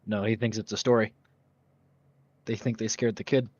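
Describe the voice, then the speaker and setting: A man's voice: fairly low pitch, little pitch movement, moderate pace, darkish tone, no room sound. A man playing a tabletop role-play game, describing his character's actions and voicing his questions in a quizzical way. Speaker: player. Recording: dull, dry lo-fi recording.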